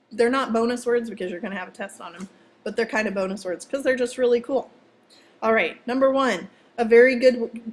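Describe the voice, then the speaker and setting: A woman's voice: fairly high pitch, a little hiss or hum. A woman teaching a vocabulary lesson to students in a playful, chatty way, joking as she goes. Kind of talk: casual classroom vocabulary lesson.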